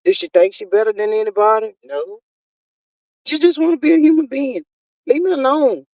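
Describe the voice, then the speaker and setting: A woman's voice: fairly high pitch, expressive, a little mellow, no room sound, far from the mic, low-quality recording. A woman, chatting casually and exasperatedly as a live-stream commentary host. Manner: exasperated, talkative, drawn-out exclamations.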